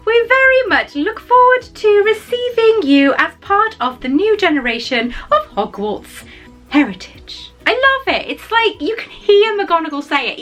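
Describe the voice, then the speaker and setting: A woman's voice: sits high, pushed and bright, low-quality recording. A young woman vlogging casually, chatty and effusive, with frequent fillers and laughs. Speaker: YouTuber. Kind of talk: casual vlog chat.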